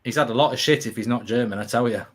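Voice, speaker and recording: A man's voice: medium pitch, very fast. A man hosting a live football watchalong, ranting animatedly and swearing freely. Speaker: host.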